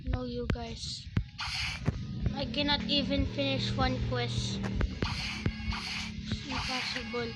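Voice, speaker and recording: A woman's voice: high-pitched, flat delivery, takes it slowly, pauses often, rough recording. A young woman giving casual commentary while playing an online game, often frustrated and pleading. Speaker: gaming channel host. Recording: loud game music behind voice.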